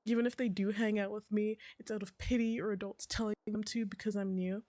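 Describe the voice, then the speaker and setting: A woman's voice: medium pitch, fairly even intonation, fairly quick, warm tone, no echo, close to an everyday voice. A woman reading the lines of a lonely, self-pitying new kid aloud from a game. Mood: sulky.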